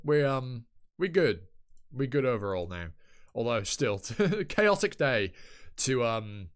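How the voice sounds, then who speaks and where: A man's voice: medium pitch, fairly bright tone. A young man chatting casually on a live stream, rambling and self-mocking and swearing freely, his microphone set off to one side. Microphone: desk microphone, set off to one side.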